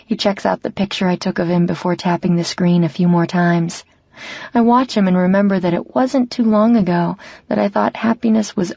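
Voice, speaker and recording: Woman audiobook narrator, low husky voice, soft intimate read, kinda muffled. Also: dry recording. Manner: soft, intimate first-person reading. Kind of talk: scripted narration of a romance novel.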